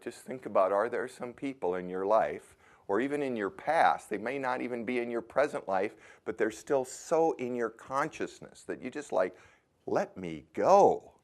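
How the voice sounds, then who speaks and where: A man's voice: medium pitch, moderate pace, hardly any pauses. A man speaking to a workshop audience, asking them direct questions and coaching them in a plain, conversational way with some hesitations. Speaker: workshop leader. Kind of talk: motivational workshop talk.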